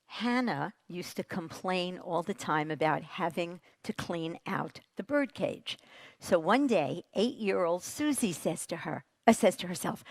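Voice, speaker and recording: A woman's voice: lowish voice, a little slow, vocal fry, dry recording. A woman, a parenting expert, giving a motivational stage talk and asking the audience questions. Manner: animated, asks the audience questions.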